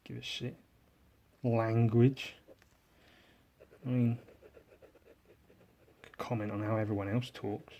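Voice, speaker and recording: A man with an English accent, hosting a drawing podcast in casual, rambling chat, sarcastic and self-mocking, often trailing off quietly. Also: mid-range voice, flat delivery, takes it slowly, long pauses.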